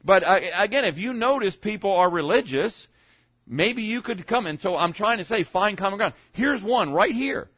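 A man's voice: high voice, lively intonation, moderate pace, dry recording, dull audio. A male pastor preaching a sermon in a conversational way, often asking the congregation questions. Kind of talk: sermon on evangelism.

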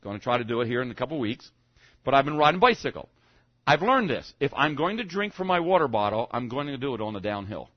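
A man delivers a sermon in a conversational, meandering way, pausing to check in with his listeners and stumbling over restarts. He jumps up for emphasis, then drops into low, quiet asides. His middle-pitched voice comes through a dull, muffled recording with no room echo. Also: big pitch swings. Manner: conversational, keeps asking "okay?", stammering restarts. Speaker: pastor.

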